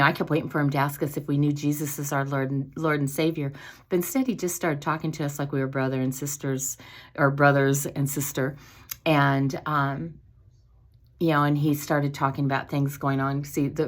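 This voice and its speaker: Woman, low-pitched, casual faith chat host, rambling, easy laughs. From East Coast of the United States. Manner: rambling, with restarts, fillers and light laughs. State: feeling unwell lately.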